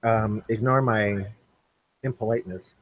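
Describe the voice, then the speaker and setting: A man's voice: lowish voice, steady tone, measured pace, dry recording, poor audio. A man hosting a casual live stream, taste-testing candy and talking between mouthfuls. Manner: eats candy on camera, apologizes for chewing.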